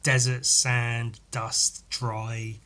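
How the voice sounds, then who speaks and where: A man's voice: mid-range voice, level tone, extremely slow, bright, forceful tone. A man hosting a podcast, chatting casually as he reads through a comic aloud, enthusiastic and sweary, laughing often. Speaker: podcast host.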